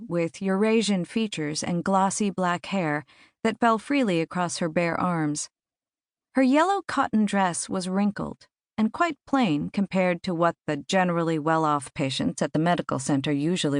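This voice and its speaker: A woman reading a thriller audiobook in measured, clear first-person narration. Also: fairly low pitch, no room sound, clean studio sound.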